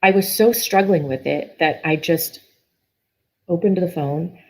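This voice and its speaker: Earnest husky-voiced woman guest. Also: fairly low pitch, measured pace, a little mellow, poor audio. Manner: earnest, emotional, frequent restarts. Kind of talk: personal story in conversation.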